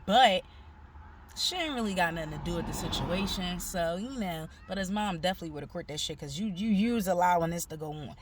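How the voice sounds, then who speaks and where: A woman's voice: lowish voice, expressive, fairly quick, a little hiss or hum. A woman, telling a profane story in a casual vlog and acting out the people she quotes. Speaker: vlogger. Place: outdoors.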